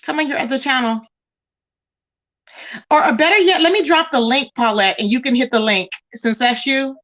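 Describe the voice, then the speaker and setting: A woman's voice: high-pitched, moderate pace, a bit bright. A woman hosting a casual livestream, chatting straight to her viewers and calling them "y'all" and "child". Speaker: livestream host.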